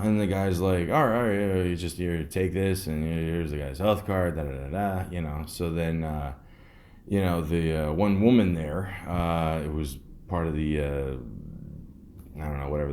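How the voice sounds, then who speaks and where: Male podcast host, low voice, rambling sardonic storyteller, swears freely. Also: a little mellow. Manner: rambling, sardonic, profane, many fillers. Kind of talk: casual storytelling.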